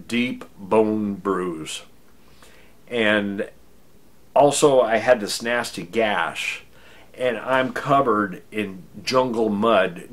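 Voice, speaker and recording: Brief: low-voiced American man, casual comic storyteller, self-deprecating. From United States.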